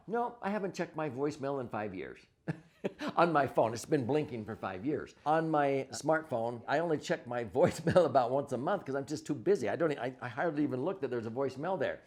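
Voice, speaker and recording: A man's voice: medium pitch, a little mellow. A man coaching couples on communication in an instructional monologue, explaining step by step with everyday examples and leaning on key words for emphasis. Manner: stresses words for emphasis, frequent "uh" and "okay?".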